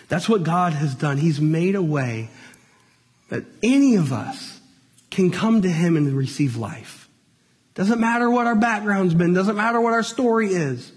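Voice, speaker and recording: A man preaching a sermon to his congregation in a folksy way, calling them "y'all", and swinging from loud high peaks down to hushed low lines. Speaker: pastor. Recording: long reverb of a large hall.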